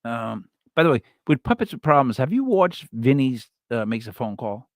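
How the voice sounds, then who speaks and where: A man hosting a live stream, chatting casually and telling stories with lots of restarts and sudden loud yells. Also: mid-range voice, big pitch swings, normal speed, no echo, studio quality. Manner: rambling storyteller with many restarts, bursts into loud yells. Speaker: livestream host.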